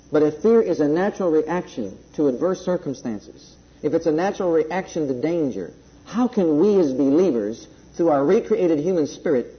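A man preaching a sermon, emphatic at times and then dropping to a soft, slow delivery, in a dull lo-fi recording. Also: a little high. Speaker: pastor.

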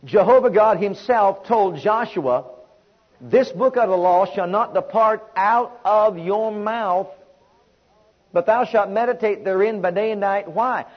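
Male preacher, high husky voice, emphatic call-and-response sermon, muffled lo-fi recording.

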